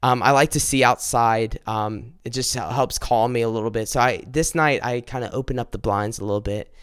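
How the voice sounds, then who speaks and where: An earnest young man in ministry shares a personal testimony on a podcast. He talks in halting bursts and keeps restarting his sentences. His voice is smooth and resonant, recorded close and dry with no room sound. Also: mid-range voice, fairly bright tone, no echo.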